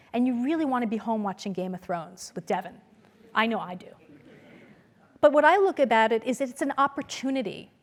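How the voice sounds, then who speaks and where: A woman lecturer giving a conference talk to an audience, storytelling in a lively way and acting out the voices she quotes. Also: on the high side. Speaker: business school lecturer. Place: lecture hall.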